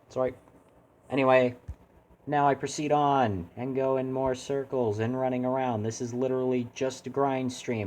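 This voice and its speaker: A man's voice: lowish voice, a little mellow, a little hiss or hum. A man streaming a video game, chatting casually and rambling as he keeps interrupting himself to talk to his chat. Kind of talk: casual live-stream commentary.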